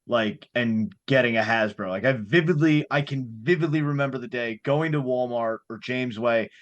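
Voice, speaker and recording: A man chatting casually on a podcast, stopping and restarting his sentences. He often slips into playful quoted voices. His voice sits at an ordinary middle pitch. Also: moderate pace, lo-fi sound. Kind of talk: casual chat.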